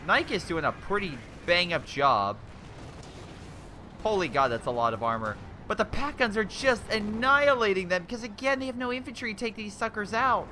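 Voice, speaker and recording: Young male commentator, excitable and chatty over game replays, bright ringing tone, faint hiss behind. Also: on the high side. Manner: excitable, exclaiming, rambling with restarts.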